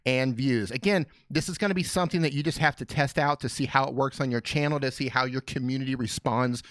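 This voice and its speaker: This man's mid-range voice moves at a quick pace as he hosts an informal live Q&A stream from a small studio. He's fired up, trading jokes and greeting viewers by name, and the recording is dry.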